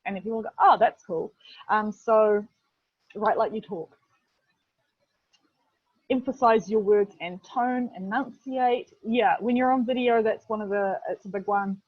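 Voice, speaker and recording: Speaking at a medium pitch and a measured pace, with long pauses, a New Zealand woman delivers a casual instructional webinar as head of video production. Her style is chatty and filler-heavy, with "literally" used over and over. The video-call recording is dry, dull and lo-fi.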